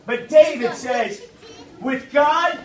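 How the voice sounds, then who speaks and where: A children's minister leading a lively Bible lesson for kids, calling out for the group to repeat lines and join in. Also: high voice, slow pace, soft background music. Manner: energetic, calls for audience responses. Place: church kids' meeting room with children present. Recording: echoey room, voice from a distance, loud crowd and noise. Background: children responding and crowd noise.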